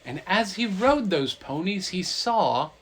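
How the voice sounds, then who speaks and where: A man's voice: high voice, takes it slowly, rough recording. A man retelling a story in a goofy, playful comic way, full of silly asides. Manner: playful, animated, lots of silly voices.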